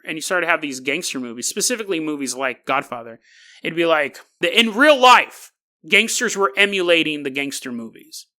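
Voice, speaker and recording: A podcast host giving a casual monologue in a joking, animated way, with frequent quick restarts. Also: mid-range voice. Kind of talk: casual monologue on conspiracy lore.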